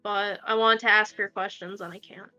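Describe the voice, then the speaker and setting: A woman player in a casual tabletop game, excitable and freely swearing. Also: mid-range voice, normal speed, faint music behind, rough recording.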